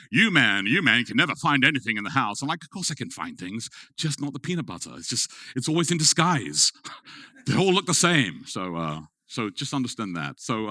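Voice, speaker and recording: A middle-aged man preaches with a bright, forceful voice pitched fairly low. He tells a personal story, at times playful and animated, at times quiet and hushed. The sound is close and dry. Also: dry recording. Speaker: pastor. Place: event hall with an audience.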